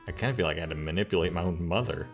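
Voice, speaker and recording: A man's voice: sits low, very fast, faint music behind. A man casually commenting on a game he streams, joking and chatting with viewers. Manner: joking, chatty, laughs at himself.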